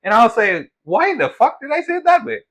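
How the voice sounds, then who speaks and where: A man's voice: very high voice, brisk, creaky, poor audio. A young man co-hosting a podcast, telling stories in casual chat, acting out quotes and swearing as he goes. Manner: animated storytelling, swears, acts out quotes. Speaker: podcast co-host.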